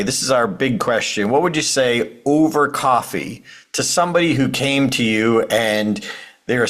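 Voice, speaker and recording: A man's voice: mid-range voice, fairly bright tone. A man co-hosting a casual podcast, asking a guest questions and adding practical tips in a friendly way. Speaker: podcast co-host.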